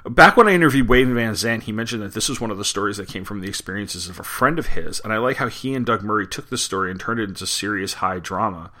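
A male podcast host retells and reviews a war comic in a conversational way, with occasional fillers. His voice sits a bit low but has a bright, forceful edge. He sounds like he is talking straight to the listener. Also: fast, hardly any pauses. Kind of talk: comic book recap and review.

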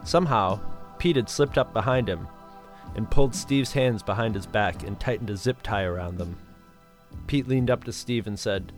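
A man's voice: fairly low pitch, normal speed, faint music behind. A man reading a darkly comic horror story as narrator.

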